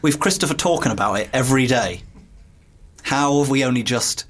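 Playful woman, animated pitch. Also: brisk. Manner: playful, goofy voices, jokey asides. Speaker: co-host. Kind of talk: casual chat.

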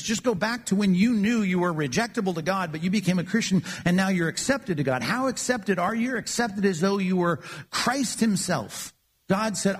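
A man's voice: sits high, husky. A man preaching a sermon, earnest and emphatic, often repeating words as he builds his points. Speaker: pastor.

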